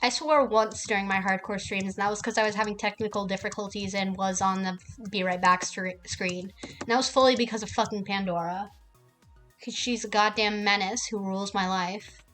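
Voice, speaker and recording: A woman's voice: mid-range voice, fairly even intonation, normal speed, fairly bright tone, faint music behind. A woman streaming a game, ranting casually with heavy swearing. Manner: profane and heated.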